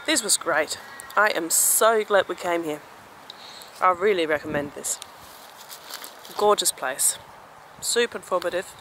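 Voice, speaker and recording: A woman's voice: on the low side, a little slow, pauses often, fairly bright tone, slight background noise, poor audio. A young woman chatting casually to camera as a travel vlogger, upbeat and laughing often, sometimes talking to her toddler, recorded outdoors on a handheld camera. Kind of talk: casual travel vlog chat. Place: outdoors at a beach and a busy reptile park.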